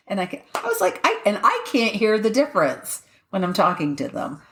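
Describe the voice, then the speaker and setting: A woman's voice: mid-range voice, huge pitch swings, fairly quick, hardly any pauses. A woman co-hosting a podcast in casual chat, telling stories animatedly, mimicking other people's voices and laughing often. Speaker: podcast co-host.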